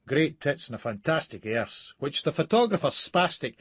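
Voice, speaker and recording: A man's voice: on the high side, big pitch swings, moderate pace, fairly bright tone, husky, no room sound. A man with a Scottish accent reading a first-person novel as an audiobook narrator, coarse, profane and sneering.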